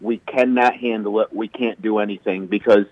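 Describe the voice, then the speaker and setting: A man's voice: fairly low pitch, steady tone, normal speed, a little mellow, no echo. A man calling into a talk radio show, making an earnest, argumentative point. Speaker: caller. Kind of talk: opinionated call-in talk. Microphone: telephone. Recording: dull phone line.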